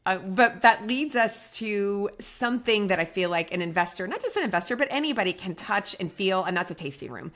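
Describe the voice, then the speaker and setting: A woman's voice: mid-range voice, animated, a little fast, hardly any pauses, fairly bright tone. A woman co-hosting a podcast, chatting casually about her wine brand and telling stories with acted-out quotes. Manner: chatty storyteller, acts out quotes. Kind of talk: casual business chat.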